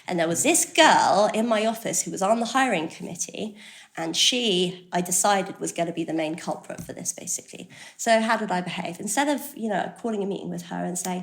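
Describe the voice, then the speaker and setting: A woman's voice: mid-range voice, fairly quick, vocal fry. A woman giving a candid, self-deprecating personal testimony at a recovery workshop, talking casually and swearing now and then. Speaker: recovery meeting speaker. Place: workshop room with listeners.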